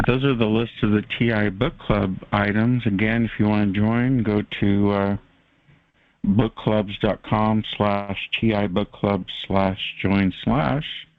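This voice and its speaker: A man's voice: on the low side, steady tone, a little slow, no room sound. A man hosting a call-in show, talking in a casual, joking, informal way. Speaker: radio show host. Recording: tinny phone-line audio, dry.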